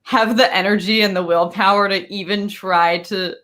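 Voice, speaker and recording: A woman co-hosting a casual livestream, chatty and quick to agree. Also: mid-range voice, fairly even intonation, fairly bright tone. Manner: chatty, agreeing, laughs often. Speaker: co-host.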